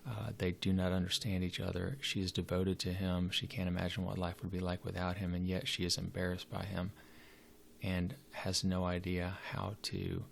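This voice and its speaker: Low, flat, gravelly-voiced man lecturing. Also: normal speed, slight background noise. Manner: hesitant, many uh fillers and restarts. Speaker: literature teacher.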